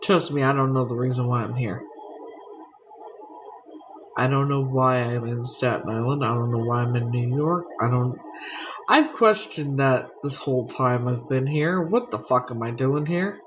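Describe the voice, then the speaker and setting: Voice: mid-range voice, moderate pace, a little hiss or hum, low-quality recording. A vlogger talking frankly and reflectively at home, swearing freely about their past. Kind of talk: candid personal vlog talk. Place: at home indoors.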